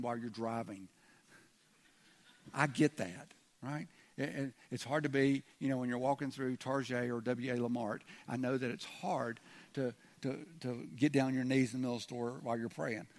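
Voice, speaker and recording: A man preaching a sermon as pastor, speaking conversationally and restarting words, sometimes acting out quoted voices. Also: mid-range voice. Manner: conversational, repeats words when starting, acts out quoted voices.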